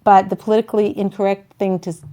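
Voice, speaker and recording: A woman hosting a talk show, giving relationship advice in a chatty, animated way and loudly acting out the people she quotes. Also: medium pitch, fast.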